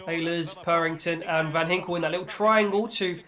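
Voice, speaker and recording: Hosting his gaming channel, this man narrates his own football gameplay in a playful, excitable way, shouting like a mock commentator when the action peaks. His pitch is slightly high and his pace fairly quick.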